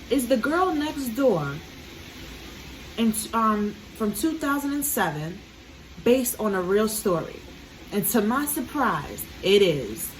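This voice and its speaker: A woman's voice: medium pitch, a little hiss or hum, low-quality recording. Earnest young woman in casual commentary. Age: 20s. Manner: earnest, swears freely, many "you know"s. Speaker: reaction video host.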